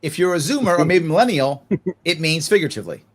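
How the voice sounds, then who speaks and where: Male, 40s, podcast guest; slightly raised pitch, talks off the cuff, animated, laughs easily. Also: quick pace. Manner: animated, laughs often, acts out other voices.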